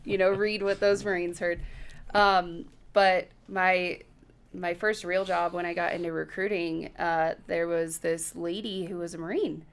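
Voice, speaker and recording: Guest: woman, lowish voice, frank and casual, drops the odd swear. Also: fairly even intonation, a little slow, clean tone. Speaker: podcast guest. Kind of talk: casual chat.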